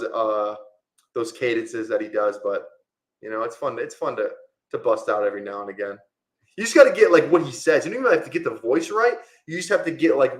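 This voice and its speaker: A man's voice: mid-range voice, reverberant. A man casually talking through a fantasy football draft on a live stream, rambling with lots of fillers.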